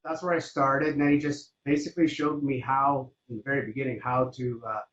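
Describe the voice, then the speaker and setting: A man's voice: medium pitch, level tone, a little fast, music in the background. A man in his fifties, a guest drummer telling his story casually, with many fillers. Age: 50s. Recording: roomy, dull sound, faint noise.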